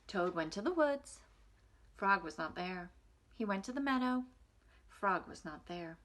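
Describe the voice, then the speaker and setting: A woman reading a picture book aloud to small children in a gentle, expressive way. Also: medium pitch, measured pace, a little hiss or hum. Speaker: nursery school reader. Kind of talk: storybook read-aloud for children.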